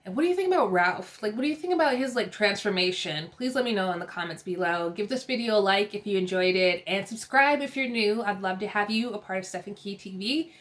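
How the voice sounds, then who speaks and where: A woman's voice: mid-range voice, expressive, fast talker, hardly any pauses, a bit bright. A young woman from California giving a chatty, opinionated recap of a TV episode, laughing often as she talks. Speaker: TV recap host.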